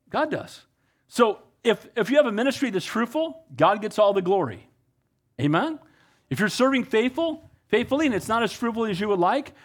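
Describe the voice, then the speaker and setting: A middle-aged pastor preaching a conversational, animated sermon, often asking his congregation "Amen?". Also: sits high.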